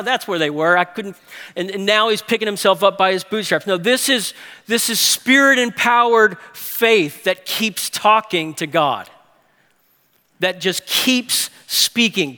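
A man preaching a sermon, moving from hushed, slow phrases to quick, emphatic bursts. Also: high-pitched. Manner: animated preaching with big swings from hushed to emphatic. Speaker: pastor. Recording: long hall reverb.

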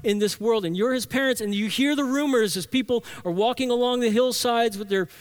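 High-voiced preacher man, earnest and emphatic. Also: fairly quick, clear, resonant tone. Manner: earnest, emphatic, builds with repeated phrases. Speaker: pastor. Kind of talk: sermon.

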